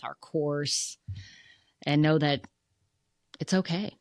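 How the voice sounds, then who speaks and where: A middle-aged woman from the United States talks candidly in a low voice, with feeling, and acts out the voices of the people in her story. The sound is close and dry, with no room echo. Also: normal speed. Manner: emotional, animated, acts out quoted dialogue. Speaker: podcast guest, funeral museum president.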